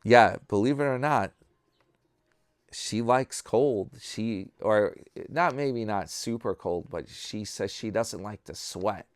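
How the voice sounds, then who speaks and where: A man from New York chats to his subscribers in a slow, unhurried way, drifting from story to story and poking fun at himself. His voice is smooth and a little low, recorded dry and close. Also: no echo. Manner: rambling, self-mocking, talking to subscribers. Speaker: vlogger host. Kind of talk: casual chat.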